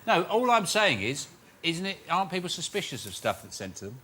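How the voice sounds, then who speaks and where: A man on a comedy panel show, speaking with grumpy, deadpan cynicism. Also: a little high, fairly quick. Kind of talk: bantering panel chat. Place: TV studio with audience. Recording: studio audience and noise.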